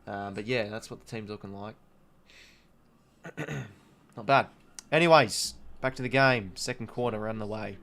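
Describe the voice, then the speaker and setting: Speaking at a normal pace with long pauses, this man has a lowish, slightly bright voice. Around twenty and Australian, he hosts a laid-back live watch-along, chatting loosely, reading viewers' comments and saying "mate" frequently.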